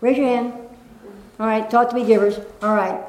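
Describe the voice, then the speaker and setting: A woman giving a gentle spiritual talk to a live audience, lilting and laughing softly. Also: a little high, steady tone, moderate pace. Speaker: spiritual teacher. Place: room with an audience. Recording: echoey room.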